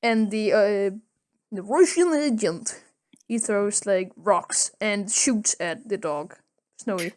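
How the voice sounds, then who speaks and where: A woman's voice: mid-range voice, takes it slowly, darkish tone. A woman podcast host retelling a comic in a casual, rambling way, with many fillers and self-corrections.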